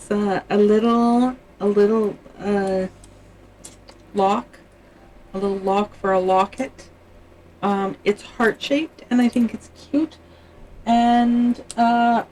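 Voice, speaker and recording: A woman's voice: on the high side, slow pace, a little mellow, slight background noise, low-quality recording. A Canadian woman chatting casually on her livestream, musing aloud and often trailing off mid-thought.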